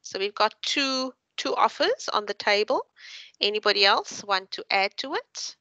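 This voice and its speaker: A woman's voice: medium pitch, animated, sharp tone, dry recording, lo-fi sound. A woman tutor giving patient, encouraging feedback to students in an online class. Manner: encouraging, patient, explains slowly. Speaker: university tutor.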